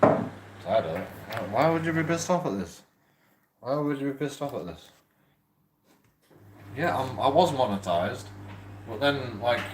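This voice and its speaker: A man's voice: fairly low pitch, reverberant, background noise. A man, drunk and angry, ranting rambling and swearing to camera in a vlog from a shared house. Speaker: YouTube channel host.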